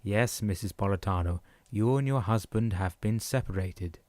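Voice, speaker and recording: A man reads as a calm, knowing old man who carves amulets, speaking slowly and evenly in a low, mellow voice. The storybook voice is dry and close. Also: no echo, lightly acted.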